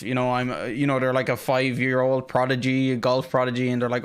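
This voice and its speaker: A young Irish man co-hosting a podcast, telling stories in a sweary, animated way. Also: mid-range voice, fast, few pauses, clean tone. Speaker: podcast co-host. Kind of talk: casual chat.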